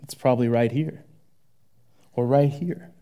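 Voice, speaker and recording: A male pastor preaching a sermon in a conversational, animated way, moving between loud exclamations and hushed asides. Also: medium pitch, a little slow.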